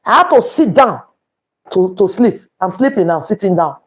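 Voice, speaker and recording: A woman's voice: medium pitch, very animated, normal speed, slightly rough. A woman with a Nigerian accent hosting a live stream, talking emphatically and quoting scripture as she repeats her points. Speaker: livestream host. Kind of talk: preachy live-stream talk.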